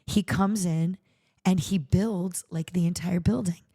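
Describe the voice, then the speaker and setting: A woman's voice: fairly low pitch, fairly even intonation, measured pace, dark tone, breathy edge. A middle-aged woman, a charity founder and podcast host, tells a personal story in conversation, acting out the quoted dialogue with animation.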